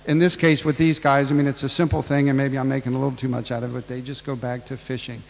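Gravelly man preaching in an echoey hall. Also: mid-range voice, flat delivery, quick pace. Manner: casual, ad-libbing retelling with acted-out voices. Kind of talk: storytelling sermon.

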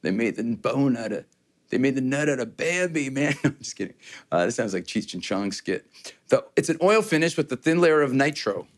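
A man's voice: medium pitch, animated, normal speed. A man casually demoing a guitar, loose and joking, rambling with restarts and fillers. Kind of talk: casual gear demo chat.

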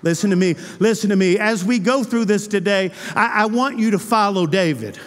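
A male pastor preaching a sermon with passion, moving between loud cries and hushed, intimate lines. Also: high voice, moderate pace. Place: church sanctuary. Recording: church hall with long reverb.

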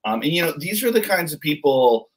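A man's voice: a little high, very animated, brisk, slightly rough, poor audio. A man hosting a casual chat, rambling with many fillers.

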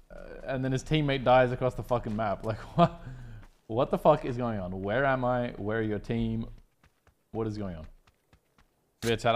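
An Australian man streaming a game, chatting casually and swearing freely while he plays. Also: medium pitch. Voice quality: profane, laid-back banter. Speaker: gaming streamer. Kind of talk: casual gameplay commentary.

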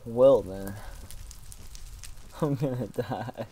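A man's voice: medium pitch, extremely slow, dark tone, breathy edge. A man giving let's play commentary, joking around and yelping in mock panic when things go wrong. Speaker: gaming YouTuber.

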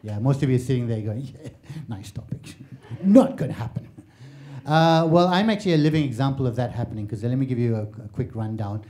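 A man's voice: mid-range voice, lively intonation, fast talker, warm tone. Chatty stand-up comic in his forties. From Malaysia. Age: 40s. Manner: chatty, self-mocking, punchline delivery. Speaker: stand-up comedian. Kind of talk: stand-up comedy talk.

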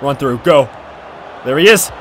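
A man giving excited, trash-talking commentary over his own football video game match, often shouting. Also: mid-range voice, measured pace, some chatter behind, slight background noise. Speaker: gaming commentator.

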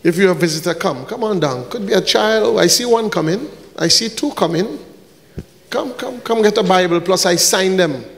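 A man's voice: sits high, lively intonation, normal speed, gravelly, long reverb tail. A man preaching as a pastor, joking and bantering with the congregation while handing out gifts, sometimes breaking into short sung lines. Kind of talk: church service, handing out gifts. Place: church hall.

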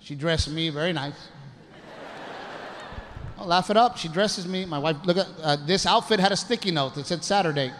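High-voiced man doing animated stand-up. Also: moderate pace, long pauses. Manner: animated storytelling, acts out voices, shouts punchlines. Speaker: stand-up comedian. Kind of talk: stand-up comedy routine. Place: comedy stage before a live audience. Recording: live show with loud audience noise. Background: audience laughter.

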